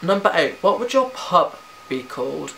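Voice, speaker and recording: A teenage man chatting casually through a tag questionnaire, rambling and quick to giggle. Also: a little high, very animated, creaky, sharp tone, a little hiss or hum. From Britain. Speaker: vlogger.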